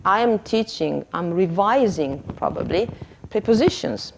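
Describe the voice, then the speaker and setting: Slow, hesitant woman teacher trainer. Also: mid-range voice, expressive, creaky, slight background noise. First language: Italian. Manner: hesitant, chatty, laughs at herself. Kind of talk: workshop lesson demonstration. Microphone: handheld microphone.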